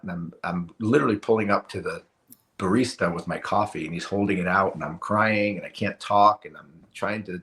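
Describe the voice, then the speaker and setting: A man's voice: low voice, moderate pace, fairly bright tone. A middle-aged man, a podcast guest, telling a personal story in a casual interview, with many restarts and "you know"s. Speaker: podcast guest, retired hockey player.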